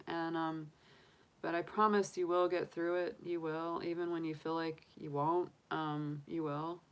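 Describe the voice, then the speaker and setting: A woman's voice: lowish voice, a bit bright, smooth. A woman, hosting a tarot live stream, chatting openly and emotionally with viewers and laughing often. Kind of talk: casual live-stream chat.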